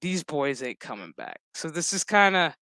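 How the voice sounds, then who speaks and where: A man's voice: on the high side, very animated, moderate pace, pushed and bright, smooth, no room sound. A man giving a casual, profanity-laced spoken review of a TV series, chatty and laughing often. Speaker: show reviewer.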